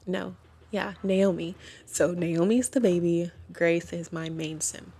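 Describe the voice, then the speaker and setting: A woman's voice: fairly low pitch, steady tone, a little slow, darkish tone. A woman hosting a gaming channel who talks through her life-sim game in casual commentary, chatty and giggly, often correcting herself. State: hiccups.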